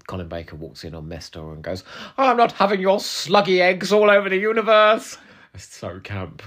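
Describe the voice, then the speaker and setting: Lively, cheeky man chatting. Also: fairly low pitch. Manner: animated, cheeky and playful, drops into whispers and laughs. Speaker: podcast co-host answering questions. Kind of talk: casual podcast chat.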